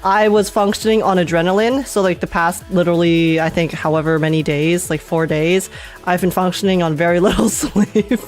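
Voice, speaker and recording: A woman's voice: on the low side, steady tone, normal speed, a little mellow, faint music behind. A woman hosting a casual live-stream podcast, chatty and scatterbrained, laughing often as she talks. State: tired after oversleeping. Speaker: streamer host.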